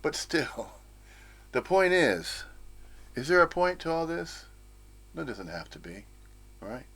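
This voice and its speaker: A man's voice: fairly high pitch, very animated, slow, fairly bright tone. A man from the United States giving an informal, rambling spiritual talk, with frequent chuckles and playful asides. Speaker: spiritual teacher.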